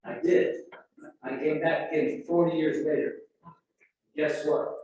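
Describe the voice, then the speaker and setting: Older man, high voice, animated storytelling, far from the mic, very echoey room. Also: measured pace. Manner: animated, acts out quoted voices and sound effects. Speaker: storyteller at an alumni event. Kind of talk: anecdotal storytelling. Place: event room.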